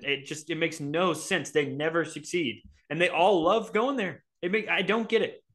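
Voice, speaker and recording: A man's voice: fairly high pitch, moderate pace, hardly any pauses, fairly bright tone. A man hosting a casual sports podcast, ranting in a jokey, exasperated way. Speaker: podcast host.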